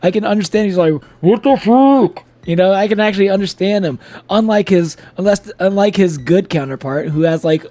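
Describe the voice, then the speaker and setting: A man's voice: high-pitched, a little fast, mellow, no echo. A man streaming live in casual chat, a little tipsy from drinking, who laughs often and swears freely.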